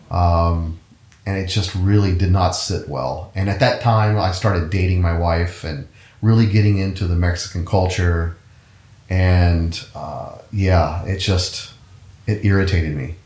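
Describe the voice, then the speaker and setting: A middle-aged man with a notably low voice tells his story as an interview guest. He rambles easily and corrects himself mid-sentence. The room around him sounds echoey. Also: a little mellow. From United States. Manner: rambling, self-correcting, easygoing. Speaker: guest, orchestral musician. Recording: roomy echo.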